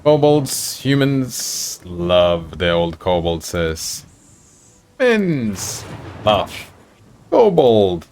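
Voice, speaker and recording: A man voicing an ancient male kobold elder who is calm and wise and speaks in halting, broken, hissing words. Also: fairly low pitch, exaggerated voice.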